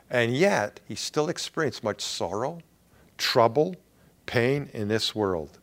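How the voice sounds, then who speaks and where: A middle-aged pastor delivers a sermon at an unhurried, deliberate pace. His pitch swings widely as he presses each point home, and he pauses dramatically for emphasis. His tone stays earnest throughout. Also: animated, fairly bright tone.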